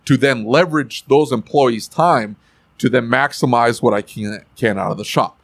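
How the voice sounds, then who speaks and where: Blunt animated man, dry close mic. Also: medium pitch, moderate pace, no room sound. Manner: blunt, animated, acts out yelling at customers and techs. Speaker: podcast co-host, shop owner. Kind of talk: casual podcast banter.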